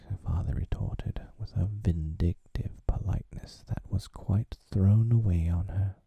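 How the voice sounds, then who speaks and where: A man reading a children's story aloud as a whispered role-play for an ASMR audience, with a gravelly whisper. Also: sits low, slow, no echo, dull audio.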